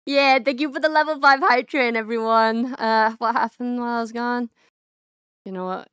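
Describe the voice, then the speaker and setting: A woman's voice: on the high side, fairly even intonation, normal speed, a bit bright, smooth, dry recording, studio quality. A young woman VTuber streamer chatting casually and bubbly with her viewers, giggling often. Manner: bubbly, giggly, talks straight to chat. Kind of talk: casual live-stream chat.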